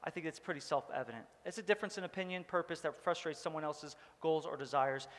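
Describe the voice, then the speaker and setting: A man's voice: a little high, quick pace, hardly any pauses, fairly bright tone, big-room sound. A male pastor giving a casual, joking sermon, rambling with many fillers. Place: church hall.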